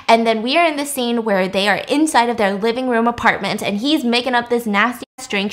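A woman podcast host casually recapping a movie in an animated, profane, jokey way. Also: mid-range voice.

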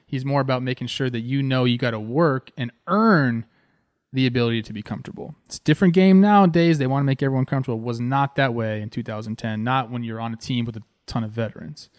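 A man in his thirties from Southern California recounts his playing days while talking over game footage. He speaks in an animated, excited way and keeps dropping "man" into his sentences. His mid-range voice sounds dry and close. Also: mid-range voice, fast, no echo. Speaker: former pro baseball player hosting a video series.

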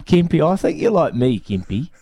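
A man's voice: fairly high pitch, big pitch swings, moderate pace, warm tone, breathy edge. A man with a New Zealand accent co-hosting, teasing his mates and telling home anecdotes. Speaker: radio show co-host. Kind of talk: casual banter.

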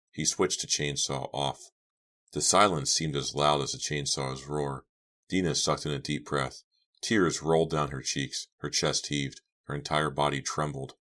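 A man narrating a horror audiobook with steady, tense storytelling. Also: rumbling low, normal speed. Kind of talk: scripted narration.

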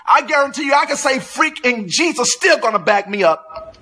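A preacher man in a fierce, commanding rant, his voice high and sharply bright. He blusters and orders his listeners around. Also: animated, moderate pace. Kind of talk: angry live-stream rant.

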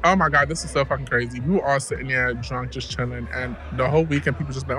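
Young guy co-host, sharp bright voice, hyped and cussing, light music behind. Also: medium pitch, quick pace, few pauses. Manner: excitable, profane. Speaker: podcast co-host. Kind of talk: casual chat.

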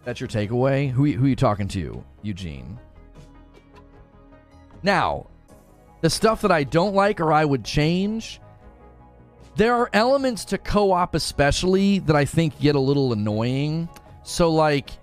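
A man streaming casually, reading his chat aloud and arguing his points, often repeating words as he rushes ahead. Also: mid-range voice. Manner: animated, argumentative, repeats words while rushing ahead.

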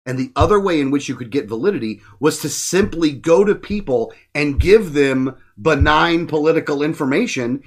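A man's voice: a little high, normal speed, few pauses. A man hosting a casual political podcast, talking bluntly and swearing freely as he rants. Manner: blunt, profane, animated ranting. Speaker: podcast host.

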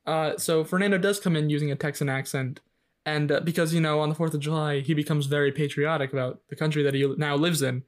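Young podcast guy, slightly high voice, chatty, laughs at himself. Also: steady tone, quick pace. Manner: chatty, self-deprecating, steers the talk. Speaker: podcast co-host. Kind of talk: casual chat.

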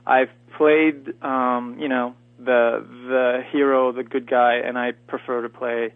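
Slow and flat in delivery, a medium-pitched man, a native French speaker from near Montreal, Canada, chats casually as a guest actor in an interview. Fillers and restarts are frequent, and the audio comes through a tinny, dry phone line.

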